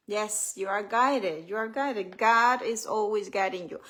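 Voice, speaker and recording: A woman leading a live spiritual healing reflection, speaking gently, repeating affirmations and reading aloud from her own book. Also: mid-range voice, measured pace, hardly any pauses. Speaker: author and healing coach.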